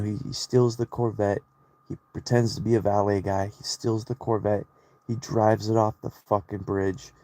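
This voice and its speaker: A young man talks in a low, gravelly voice with a dark, mellow tone. He rambles through a story for his vlog, swearing constantly and doubling back on himself. The delivery is slow and subdued, close to a sigh. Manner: heavy swearing, loose storytelling with restarts. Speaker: solo vlogger. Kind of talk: rambling personal monologue.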